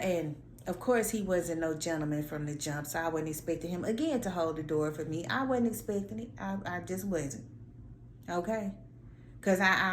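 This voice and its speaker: Woman, sassy storyteller, low voice, echoey room, faint hiss. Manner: sassy, animated, slangy, acts out her own lines. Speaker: vlogger. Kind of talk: casual storytelling rant.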